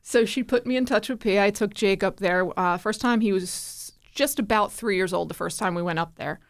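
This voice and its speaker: Animated woman telling a family story. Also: mid-range voice, moderate pace. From New Jersey. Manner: animated, acts out quoted voices. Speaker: guest. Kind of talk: conversational storytelling.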